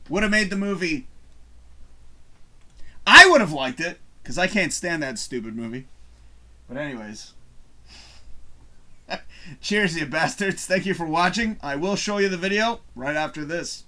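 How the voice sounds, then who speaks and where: Lively bright-voiced man hosting a live stream. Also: a little high, measured pace, long pauses. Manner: rambling, chuckling, reads viewer comments aloud. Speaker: live show host. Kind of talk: casual live-stream chat.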